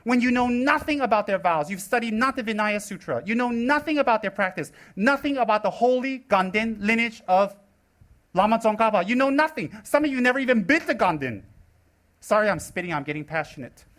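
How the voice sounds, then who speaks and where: A man in his forties from the United States, giving a live Buddhist teaching with teasing, sarcastic, animated delivery. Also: high-pitched, a little fast. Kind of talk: live dharma talk.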